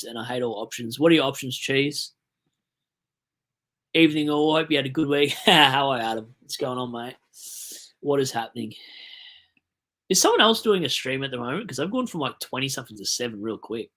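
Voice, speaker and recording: A young Australian man talks on a livestream, loose and rambling, his voice sitting at an ordinary middle pitch. He reads viewer messages aloud and answers them as he goes. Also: a bit bright. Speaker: livestream host. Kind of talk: casual livestream chat.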